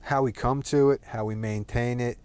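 A man's voice: medium pitch, steady tone, moderate pace, a little mellow, smooth. A man talking in a casual, rambling monologue, thinking aloud and giving his opinions.

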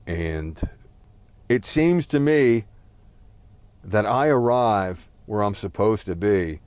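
A man's voice: on the low side, expressive, takes it slowly, darkish tone, no room sound. A man talking through a rambling, self-deprecating personal monologue, swearing now and then and apologizing for it.

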